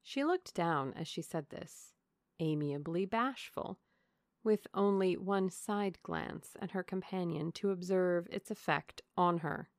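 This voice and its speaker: A woman narrating a classic novel aloud in steady storytelling, on a close microphone. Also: fairly low pitch, takes it slowly, no room sound. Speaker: audiobook narrator.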